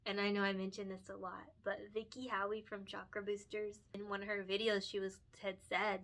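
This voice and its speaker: Bright-voiced chatty young woman. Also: mid-range voice, flat delivery, fairly quick, few pauses. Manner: chatty, earnest, many fillers and self-corrections; emotional and encouraging, laughs often. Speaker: picture book illustrator and author. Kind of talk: casual chat while coloring.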